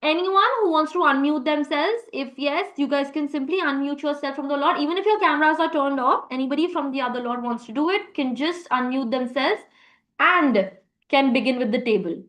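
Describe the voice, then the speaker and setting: A woman's voice: high-pitched, fairly quick, a bit bright, reverberant, rough recording. A woman teaching a live online French class, encouraging students and praising them often. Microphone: video call.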